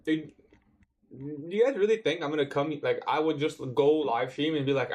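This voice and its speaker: A man's voice: a little high, moderate pace. Young Toronto man livestreaming trades. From Canada. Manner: laid-back slangy talk, reads out and answers chat. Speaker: day-trading livestreamer. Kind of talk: casual livestream chat.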